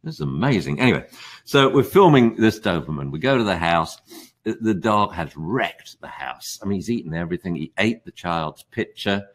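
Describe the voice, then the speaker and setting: An older man, a dog trainer, talks about training dogs on a live stream. His pitch swings up and down as he tells his stories. He acts out dogs and owners in funny voices. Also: animated, normal speed. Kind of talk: animated live stream chat.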